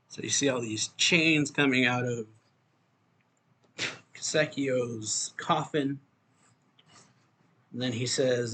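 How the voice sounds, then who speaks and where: Man, mid pitch, casual comic recap, filler-heavy rambling, faint background hiss. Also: takes it slowly, long pauses, sharp tone. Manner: loose retelling with many fillers, lifts voice for quoted lines. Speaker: manga reviewer. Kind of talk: casual recap reading out manga dialogue.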